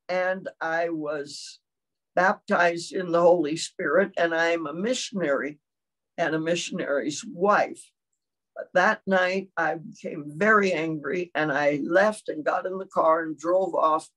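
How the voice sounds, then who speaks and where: Slow, measured older woman preaching. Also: fairly low pitch. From China. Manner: measured, often checks in with "all right?"; clears her throat now and then. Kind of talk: sermon.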